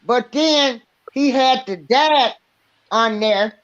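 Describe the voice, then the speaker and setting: A woman on a live stream panel, giving an unhurried, drawn-out recap with fillers in casual talk. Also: a little high. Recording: dull, muffled stream audio.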